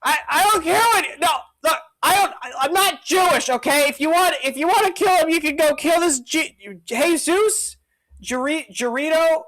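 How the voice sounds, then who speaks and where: A man doing a groggy, irritable ancient Roman governor, pitched a little higher and pushed louder than his own voice. He rambles, pleads, and keeps trying to get out of the whole business. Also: moderate pace, low-quality recording. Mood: exasperated. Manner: exasperated, rambling, pleading to be left alone. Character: hungover, whiny, fed-up male Roman governor.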